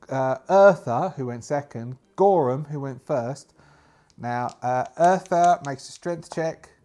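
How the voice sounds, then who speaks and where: Guy narrating his solo tabletop game, chatty, thinking out loud over dice rolls, middle pitch.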